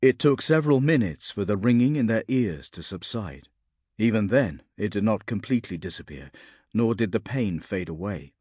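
Man reading a fantasy book aloud, lowish voice, steady, super dry sound. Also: normal speed, husky, dry recording. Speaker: narrator. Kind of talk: scripted audiobook narration.

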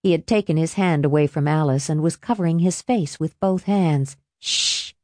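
A woman narrating a novel as an audiobook in a measured, even storytelling manner. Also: sits low, no echo, studio quality. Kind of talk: scripted narration.

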